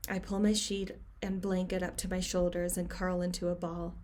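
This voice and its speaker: A woman reads her own novel aloud in a cabin at home. Her voice sits low and stays fairly even in pitch. She keeps the reading quiet, sinking to near-whispers where the story grows tense. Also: moderate pace. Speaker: author.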